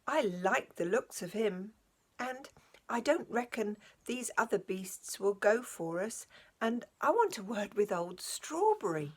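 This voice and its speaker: A woman's voice: medium pitch, sing-song, measured pace, husky. A woman voicing a plain-spoken working-class cab driver with homely, colloquial speech. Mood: friendly.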